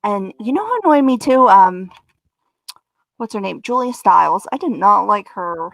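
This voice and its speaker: A woman co-hosts a live talk show, chatting casually and animatedly, swearing freely. Her voice sits at a middle pitch and sounds close and dry. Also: big pitch swings, moderate pace, creaky, a bit bright, no room sound. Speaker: co-host. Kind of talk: casual chat.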